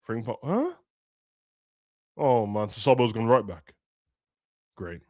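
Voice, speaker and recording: A young man, ranting and joking as a streamer during a football watch-along, now and then shouting. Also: mid-range voice, very animated, slow, dry recording. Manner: ranting, slangy, bursts of shouting. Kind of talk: casual chat over a live match.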